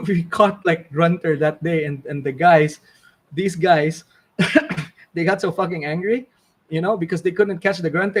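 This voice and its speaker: A man's voice: fairly high pitch, breathy edge. A man telling a rambling story in casual talk, full of fillers and swearing. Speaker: fishing channel host.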